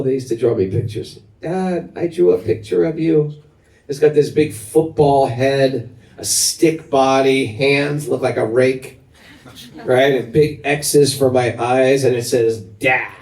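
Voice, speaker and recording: A middle-aged man leading a devotional talk to a live group as its spiritual teacher, telling stories with animation and asking his listeners questions. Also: medium pitch. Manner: animated storyteller who asks the audience questions. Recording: echoey room, mic at a distance.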